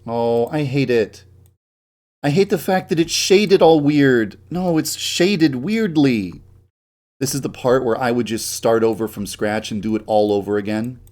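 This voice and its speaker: Slow-talking game dev guy on stream, swears constantly, grumbles to himself, laughs at his own jokes. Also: medium pitch, darkish tone. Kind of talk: live-stream work commentary.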